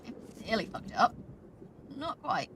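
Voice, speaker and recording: A woman's voice: on the high side, very animated, measured pace, background noise. A woman streaming a video game, chatting casually, swearing and laughing at herself. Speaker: VTuber streamer. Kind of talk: casual gameplay commentary. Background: game music.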